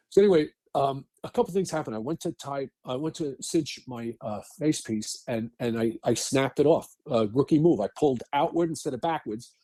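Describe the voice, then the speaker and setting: A man's voice: mid-range voice, expressive, fairly quick, few pauses, warm tone, no echo. A middle-aged man, telling stories bluntly as a podcast guest, with frequent restarts and swearing. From New York. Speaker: guest, actor and firefighter. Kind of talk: casual podcast interview.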